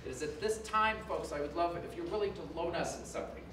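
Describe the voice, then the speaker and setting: Wisecracking stage mentalist in an echoey theater. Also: male voice, fairly high pitch, fast, distant mic, noisy background. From Denver, USA. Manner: dry, wisecracking asides. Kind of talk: live stage patter. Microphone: room pickup after his microphone failed. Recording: echoey theater from afar, music behind.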